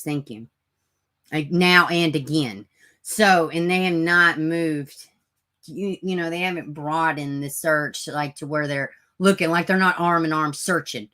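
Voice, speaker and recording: A woman's voice: lowish voice, bright, forceful tone. Blunt, profane woman ranting. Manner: mocks people in sarcastic put-on voices. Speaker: true crime channel host. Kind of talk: livestream commentary.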